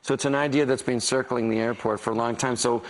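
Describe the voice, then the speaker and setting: A middle-aged man, a guest on a talk show, chatting in a quick, joking and self-mocking way. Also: mid-range voice, steady tone, poor audio.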